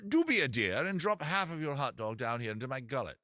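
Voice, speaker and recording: A man's voice: mid-range voice, big pitch swings, fast, pushed and bright, no room sound, pitched above the performer's own voice. A genteel, pushy seagull with a put-on British accent, as a man voices him, coaxing in a raised, prim tone. The sound is close and dry. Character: polite pushy male seagull.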